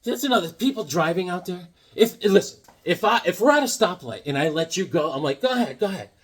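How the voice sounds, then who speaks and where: A man vlogging about his comic haul, telling rambling jokey stories in an animated way and often repeating his words. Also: high voice, brisk, slightly rough. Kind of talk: rambling casual storytelling.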